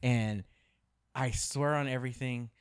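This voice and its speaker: A man's voice: medium pitch, fairly even intonation, unhurried, clean tone. A man co-hosting a podcast, telling a story in casual chat, swearing often and repeating himself for emphasis. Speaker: podcast co-host.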